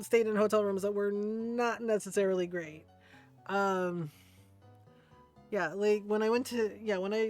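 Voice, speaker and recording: A woman's voice: mid-range voice, darkish tone. Rambling woman streamer, casual chat. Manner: rambling, filler-heavy, keeps asking "right?". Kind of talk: casual storytelling chat while gaming.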